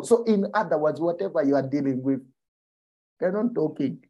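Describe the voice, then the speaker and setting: A man preaching a sermon, often asking his listeners whether they follow him and dropping to a soft, low voice for emphasis. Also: moderate pace. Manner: animated, checks in with the listeners.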